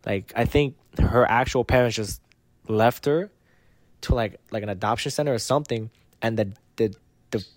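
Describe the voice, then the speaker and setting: A young man chatting on a podcast, retelling a story in a lively, slangy way, swearing often and acting out what people said. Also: mid-range voice, normal speed, no room sound. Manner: animated, slangy, swears a lot, acts out quotes. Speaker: podcast co-host. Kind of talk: casual chat, storytelling.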